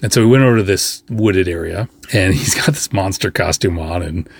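A man's voice: sits low, gravelly, breathy edge, no echo. A man hosting a podcast, telling a behind-the-scenes story in a casual, chatty monologue full of asides and fillers. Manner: chatty, rambling, with frequent fillers and quick asides. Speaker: podcast host.

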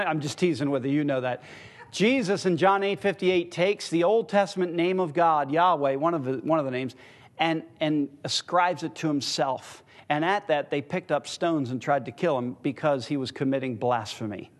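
High-voiced man teaching a church class. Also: moderate pace. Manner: teasing, chuckling, quizzes the audience. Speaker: Bible teacher. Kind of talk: interactive church Bible class.

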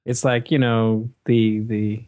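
Laid-back low-voiced male co-host. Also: little pitch movement, slow pace, mellow, no echo, dull audio. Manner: laughs easily, playful. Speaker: podcast co-host. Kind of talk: casual podcast chat.

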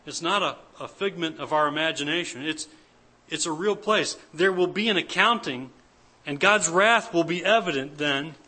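A man's voice: fairly high pitch, moderate pace, bright, forceful tone. A man preaching an earnest, emphatic church sermon as pastor, repeating his key points. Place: church service.

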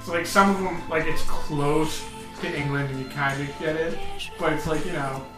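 Joking, cursing young man with a higher voice. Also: fairly even intonation. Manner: joking, swearing, quick laughs. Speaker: podcast co-host. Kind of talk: casual chat. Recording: echoey room with music behind.

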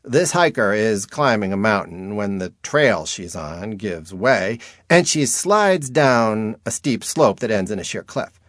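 Slow, dry-voiced male narrator. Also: fairly low pitch, expressive, a bit bright, no room sound. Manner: dry, wry first-person storytelling. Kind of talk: audiobook narration.

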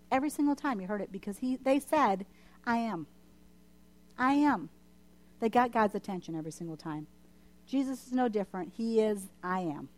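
Impassioned woman preaching a sermon. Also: fairly high pitch. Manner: impassioned, emphatic repetition. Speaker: church speaker. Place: church service.

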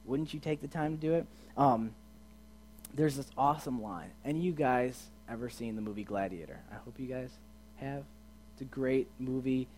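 A man giving a casual sermon as a youth pastor, chatty and asking his listeners questions, swinging from quiet to loud and emphatic. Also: mid-range voice, moderate pace, a little hiss or hum. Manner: chatty, asks the audience questions.

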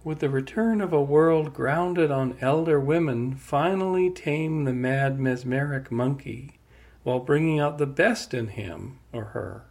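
An older man hosting a podcast, talking reflectively in a salon conversation and reading a measured closing narration. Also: medium pitch, a little mellow. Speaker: podcast host.

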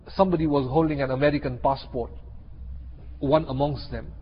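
A man, giving an animated sermon and acting out the people in his story. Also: medium pitch, a little fast, a little hiss or hum. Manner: animated, acts out characters in a story. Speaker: Islamic teacher. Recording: dull echoey hall.

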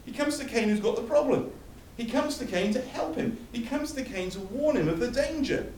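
A man's voice: very high-pitched, expressive, normal speed, noisy background. A man preaching a sermon, emphatic and building through repeated phrases, recorded from a distance in a church hall. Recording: echoey hall from far off.

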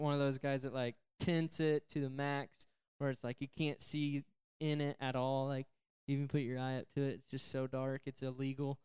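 A man's voice: medium pitch, clean tone. A young adult man giving a casual youth sermon, chatty and joking as he tells a story to a live group in a church service. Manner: chatty, joking, slips into silly voices for characters. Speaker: youth pastor.

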